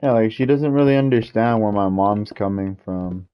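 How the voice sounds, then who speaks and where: A man's voice: fairly low pitch, moderate pace, clean tone, highs cut off. A man streaming a game while venting in a frustrated, repetitive rant. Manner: frustrated ranting, repetitive, swears mildly. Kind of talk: casual gaming stream rant.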